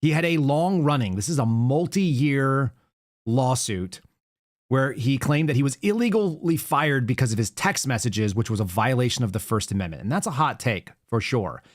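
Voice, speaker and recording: A man in his thirties hosting a political commentary show, sarcastic and animated as he tells stories and reacts to news clips. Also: medium pitch, normal speed. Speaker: podcast host.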